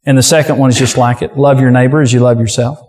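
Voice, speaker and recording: A preacher voicing Jesus, calmly explaining and telling a parable. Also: male voice, medium pitch, voice pushed down, natural voice. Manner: measured, explaining.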